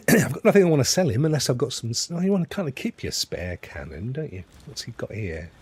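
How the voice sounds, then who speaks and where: A man's voice: mid-range voice, sing-song, fast talker, a little mellow, breathy edge. A middle-aged man hosting a game stream, chatting and rambling as he plays. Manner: chatty, rambling, self-correcting. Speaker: gaming streamer host. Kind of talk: casual gameplay commentary.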